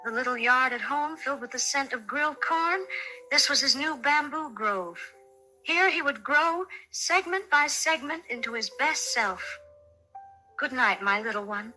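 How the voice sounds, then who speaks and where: Bright, high-voiced woman storyteller. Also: animated, measured pace, low-quality recording. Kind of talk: scripted bedtime story narration. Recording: narration over soft music.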